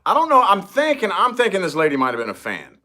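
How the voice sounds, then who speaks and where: A man's voice: high-pitched, wildly swooping pitch, quick pace, bright, forceful tone. A man co-hosting a casual chat, laid-back and slangy, with plenty of swearing. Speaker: co-host.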